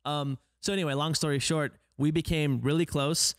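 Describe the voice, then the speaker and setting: A man from Oregon tells stories as a podcast guest with real animation, slipping into the voices of the people he quotes. His voice sits a little higher than most men's. The sound is dry and close, with no room around it. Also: normal speed, no echo. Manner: animated, many fillers, acts out quoted dialogue. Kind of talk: casual storytelling chat.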